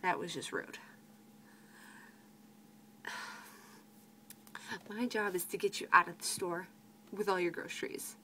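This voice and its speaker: A woman's voice: on the low side, pushed and bright, slight background noise, rough recording. A teenage girl working as a grocery cashier, ranting sarcastically about rude customers and swearing freely. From United States. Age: teens. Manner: exasperated, sarcastic, swears freely, quotes customers in mocking voices. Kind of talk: venting vlog rant.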